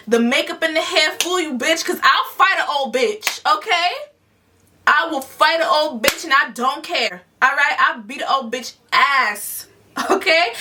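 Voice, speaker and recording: A woman telling a storytime vlog in a blunt, animated way, swearing often. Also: sits high, recorded from a distance. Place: parked car.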